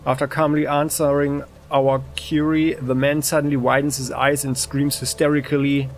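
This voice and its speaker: A man hosting a let's play, giving relaxed game commentary and reading game text aloud. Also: mid-range voice, moderate pace, few pauses, a little hiss or hum. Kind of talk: casual gameplay commentary.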